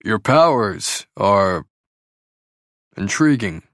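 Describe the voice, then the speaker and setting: A man voicing a curious, thoughtful king in a storybook reading, speaking in a measured, formal way. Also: fairly low pitch, animated, fairly bright tone, no echo, clean studio sound, exaggerated voice.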